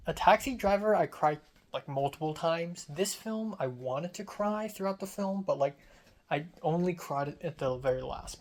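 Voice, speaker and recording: A young man telling about his day in a casual diary vlog, rambling with many fillers and restarts. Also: on the high side. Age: young adult. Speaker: vlogger.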